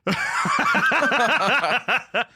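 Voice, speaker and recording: A man's voice: very high voice, wildly swooping pitch, extremely slow, background noise. A man telling a heated story on a casual podcast, swearing a lot and getting fired up. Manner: profane, fired-up ranting. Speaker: podcast co-host.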